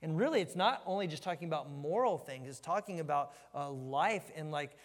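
High-voiced preacher in a reverberant hall. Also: male voice, a little fast. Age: 30s. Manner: conversational, joking, animated storytelling. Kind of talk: casual verse-by-verse Bible teaching.

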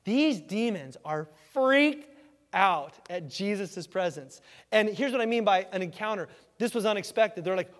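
A male pastor preaching a sermon in an animated, repetitive style, with a fairly high voice. He keeps calling for an amen. His voice echoes through a church with a long reverb tail. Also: moderate pace. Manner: animated, repeats words, asks the congregation "amen?". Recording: reverberant hall.

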